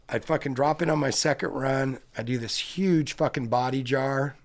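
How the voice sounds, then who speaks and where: A middle-aged man from California spins loose, swear-filled stories as a guest on an interview show. His voice sits at an ordinary male pitch, and he talks in a rambling, animated way. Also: moderate pace, hardly any pauses. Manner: profane, rambling, animated storyteller. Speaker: guest skateboarder. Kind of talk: storytelling in a casual interview.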